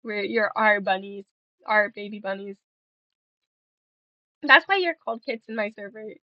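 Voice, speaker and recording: A woman's voice: medium pitch, expressive, a little slow, dry recording, highs cut off. A young woman streaming and chatting casually with viewers, playful and giggly, rambling between stories.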